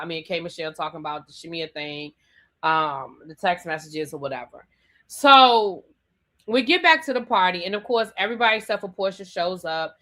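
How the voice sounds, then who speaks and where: Her voice is on the low side with a sharp tone. Hosting a live show, she rants casually and sassily about a reality TV episode, going over viewer comments and circling back to the same points.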